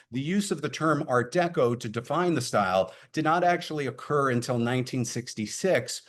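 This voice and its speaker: Halting man presenting a webinar. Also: medium pitch. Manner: many filler words, halting. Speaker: program presenter for a preservation group. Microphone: computer mic on a video call.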